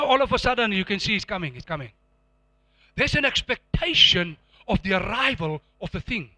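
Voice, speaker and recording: High, lively, bright-voiced male preacher. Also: dry recording. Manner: emphatic call-and-response preaching, repeats phrases. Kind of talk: sermon. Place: church before a live congregation.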